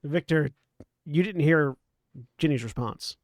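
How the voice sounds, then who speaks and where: Halting game master man, dry sound. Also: fairly high pitch, no room sound. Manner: halting, restarts while describing scenes. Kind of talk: narrating a tabletop horror game.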